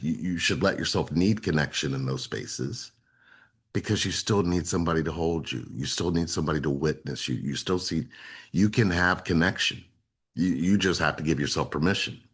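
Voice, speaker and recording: A man with an extremely low, husky voice talks in an earnest, explanatory way. He often repeats himself for emphasis, like a coach walking listeners through his program. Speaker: relationship coach, co-host. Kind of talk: casual explanatory talk.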